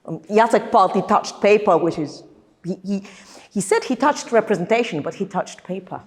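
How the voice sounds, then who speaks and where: A woman's voice: medium pitch, lively intonation, normal speed. A woman with a Polish accent, a professor giving an academic lecture at a seminar, thoughtful and searching for her words. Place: theater seminar room. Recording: long hall reverb.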